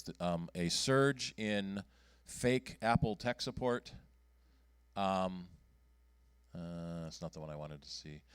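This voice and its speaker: A man presents at a computer club meeting in a meeting room, his voice low, smooth, and resonant. He speaks casually but halts often, filling gaps with ums and restarting sentences. The sound is dry and close, with no echo.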